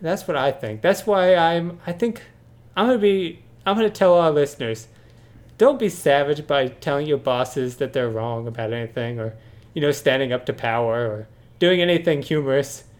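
A man co-hosting a comedy podcast, talking in a mock-earnest, deadpan ironic way. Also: fairly high pitch, moderate pace. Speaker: podcast co-host. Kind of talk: sarcastic comedy podcast banter.

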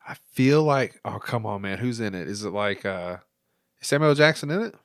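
A man's voice: fairly low pitch, animated, a little fast, no room sound, studio quality. A man hosting a casual reaction chat, joking and swearing freely. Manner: profane, laughing banter.

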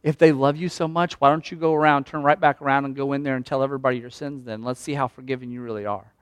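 Guy playing the devil, low hushed taunting whisper, smooth and dry, cruel. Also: steady tone, quick pace, no echo, close to an everyday voice. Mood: mocking.

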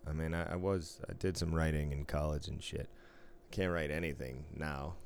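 A man with a deep voice keeps up loose, profane banter. He wisecracks and swears freely in relaxed conversation. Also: moderate pace, vocal fry, a little hiss or hum. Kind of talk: casual chat.

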